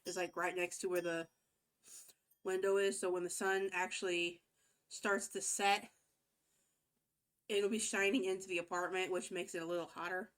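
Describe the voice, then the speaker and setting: A woman's voice: fairly low pitch, flat delivery, moderate pace, pauses often, fairly bright tone. A woman chatting casually and rambling while streaming a video game.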